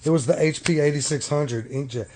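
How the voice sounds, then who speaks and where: A man's voice: on the high side, a little fast, warm tone, slight background noise. A man complaining in a casual vlog, firm and emphatic, repeating himself for stress.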